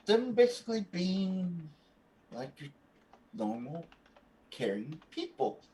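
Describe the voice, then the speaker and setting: Slow, halting game master, a man. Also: high-pitched, sing-song, warm tone. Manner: unhurried, halting descriptions with many fillers. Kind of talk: narrating a tabletop game.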